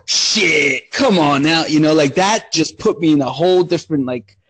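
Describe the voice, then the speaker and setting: A man's voice: on the high side, normal speed, a bit bright, slightly rough, no room sound. An adult man telling childhood stories in casual, profane chat, acting out voices as he goes.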